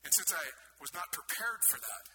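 A man's voice: sits high, lively intonation, moderate pace, noisy background. A man preaching a conversational sermon as a pastor, often asking his congregation questions.

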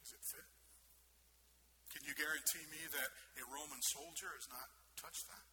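A man's voice: a little high, steady tone, normal speed, lightly acted. A man voicing a scheming male temple official who talks in a slick, reassuring salesman tone. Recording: noticeable background noise.

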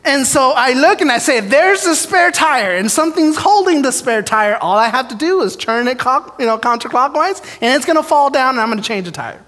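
A man's voice: very high voice, animated, brisk, few pauses, pushed and bright. A man preaching a storytelling sermon, who acts out his prayers and the dialogue in his stories. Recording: long hall reverb.

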